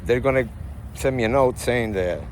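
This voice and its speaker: A man from Puerto Rico with a Puerto Rican accent, vlogging to his phone in a parking lot in a rambling, animated way, full of asides. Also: medium pitch, normal speed. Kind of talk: casual vlog talk. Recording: faint outdoor traffic noise.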